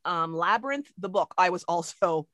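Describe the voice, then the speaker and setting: A woman co-hosting a podcast in casual chat, talking fast and animatedly with frequent swearing. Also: on the low side, no echo, clean studio sound. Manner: animated, profane, quick-talking. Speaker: podcast co-host.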